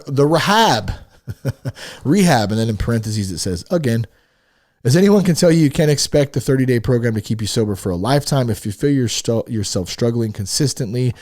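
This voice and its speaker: A man hosting a casual solo podcast, reading a list of tips and commenting on each one in an animated, profane, buddy-like way. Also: mid-range voice. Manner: animated, swearing, talks to listeners as "dude". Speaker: podcast host.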